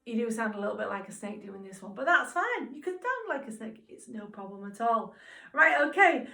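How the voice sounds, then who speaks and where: High-voiced woman teaching children to sing. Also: very animated, pushed and bright. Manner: encouraging, speaks slowly and clearly to young children. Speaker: singing teacher. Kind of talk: children's singing lesson. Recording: roomy sound from a distance, music behind.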